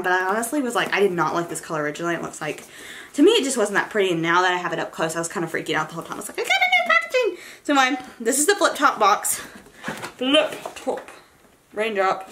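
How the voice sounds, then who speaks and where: A young woman vlogger gushing and rambling excitedly about her shopping haul, with many fillers and asides. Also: mid-range voice. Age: young adult. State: college freshman. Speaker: beauty vlogger. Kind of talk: casual haul vlog.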